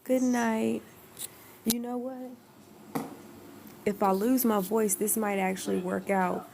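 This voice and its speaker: A woman's voice: mid-range voice, fairly even intonation, a little slow, creaky, darkish tone, a little hiss or hum. A woman chatting casually at home on a livestream, rambling and laughing often. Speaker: livestream host.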